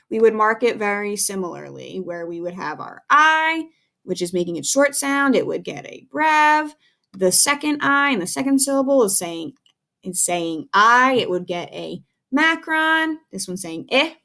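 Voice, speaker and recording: A woman's voice: a little high, sing-song, sharp tone. Patient woman teaching young children. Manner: patient, encouraging, slow and clear for young kids. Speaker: second grade teacher. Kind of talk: recorded remote phonics lesson for children.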